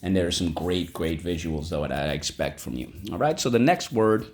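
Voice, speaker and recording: Deep-voiced man teaching vocabulary. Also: brisk. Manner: animated, spells words aloud and checks in with "okay? right?". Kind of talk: vocabulary lesson.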